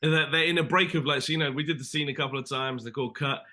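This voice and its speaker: A man's voice: fairly high pitch, steady tone, fast, bright, forceful tone. A man, an actor, chatting casually as an interview guest, rambling with lots of "you know" and "sort of".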